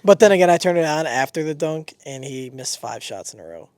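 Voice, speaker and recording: Young male co-host, slightly higher voice, excitable and laughing, swears freely, dry close recording. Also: fairly quick, smooth, no room sound. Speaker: podcast co-host. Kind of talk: casual chat.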